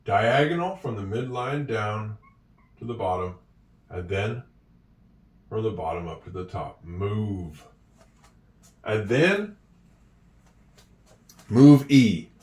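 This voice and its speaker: A man's voice: lowish voice, expressive, recorded from a distance. Encouraging male teacher, echoey room. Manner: slow, encouraging, with drawn-out words. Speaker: English teacher. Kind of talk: handwriting and spelling lesson. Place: room with a whiteboard.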